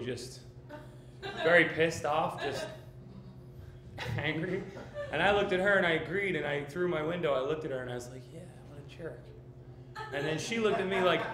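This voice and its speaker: A man doing stand-up in a small theater, telling absurd stories in a rambling, halting, deadpan way. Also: a little high. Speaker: stand-up comedian. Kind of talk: live stand-up set. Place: small theater stage before a live audience. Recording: echoey theater with audience laughter.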